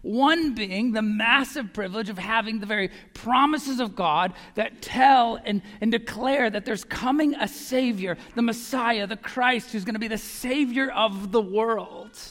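High-pitched pastor guy preaching, earnest, goes quiet on the big lines, echoey church. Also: measured pace, hardly any pauses. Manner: earnest, emphatic, drops to a hush on key lines. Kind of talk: sermon. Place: church sanctuary. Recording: long hall reverb.

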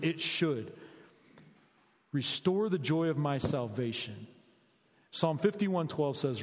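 Energetic preacher man in a reverberant hall. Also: fairly high pitch. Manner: energetic, conversational, asks the audience questions. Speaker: preacher, high school basketball coach. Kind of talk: sermon.

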